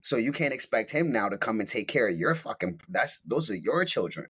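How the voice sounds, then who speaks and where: A man appears as a podcast guest, telling a story bluntly and emphatically with lots of swearing. His mid-range voice is sing-song, brisk, a bit bright and slightly rough, in a casual storytelling style.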